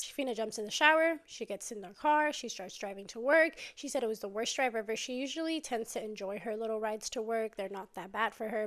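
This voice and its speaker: A young woman with a slightly high voice tells a dramatic story in a casual storytime way. She gets animated and lifts her voice when she quotes the people in it. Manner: animated, quoting people in a raised voice.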